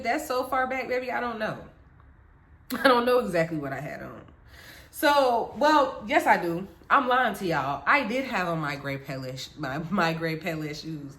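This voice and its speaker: A young woman from the Caribbean telling a storytime vlog, chatty and talking straight to her viewers. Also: on the high side. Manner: animated, chatty, addresses viewers directly. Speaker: vlogger. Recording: echoey room.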